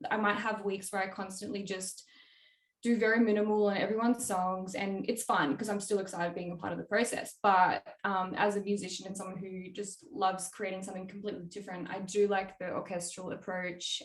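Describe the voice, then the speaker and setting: A young woman talks casually about her music work in an interview. She is bubbly, laughs easily and fills her sentences with "like" and "um." Her voice sits at a middling pitch, with a noticeable roomy echo. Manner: bubbly, laughs often, many fillers. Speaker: music producer guest.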